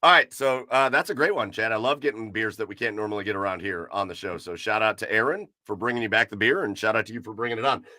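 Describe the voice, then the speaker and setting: A man's voice: fairly low pitch, fast, hardly any pauses, sharp tone, no room sound, studio quality. A man hosting a casual podcast, talking loosely with many fillers and easy laughs. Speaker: podcast host. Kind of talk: casual chat.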